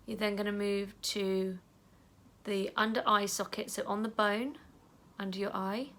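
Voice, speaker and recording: Woman, tapping guide, casual and chatty, soft affirmations fading to a whisper, vocal fry. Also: mid-range voice, steady tone, unhurried, slight background noise.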